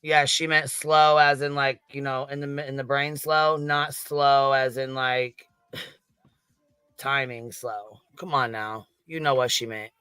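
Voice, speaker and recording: A man's voice: medium pitch, steady tone, slow pace, pushed and bright, smooth, dry recording. A man giving heated, profanity-laced livestream commentary, ranting in disbelief. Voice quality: swears constantly, incredulous ranting.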